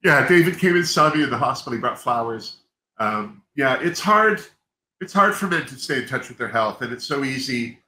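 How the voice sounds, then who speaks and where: A man with a mid-range, expressive voice hosts a livestream at normal speed, sounding pushed and bright. He chats candidly in a rambling way, openly emotional, often stopping and restarting his sentences. The room is echoey, with faint background noise.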